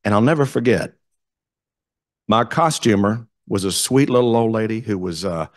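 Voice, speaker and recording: A man with a Southern US accent, a community theater director telling animated stories as a guest speaker at a club meeting. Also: lowish voice, normal speed, no echo, clean studio sound. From South Carolina, US. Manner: animated, enthusiastic storyteller. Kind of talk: storytelling talk to a club.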